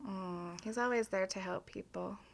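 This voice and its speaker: A woman's voice: medium pitch, normal speed, gravelly. A woman co-hosting a podcast, chatting casually and profanely about a true-crime case. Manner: chatty, profane, giggly asides. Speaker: podcast co-host.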